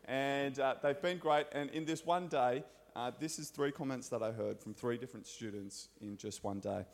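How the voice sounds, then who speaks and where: A man's voice: mid-range voice, normal speed, gravelly. Man, Australian accent, casual sermon, enthusiastic, chatty storyteller, church. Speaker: pastor and school scripture teacher.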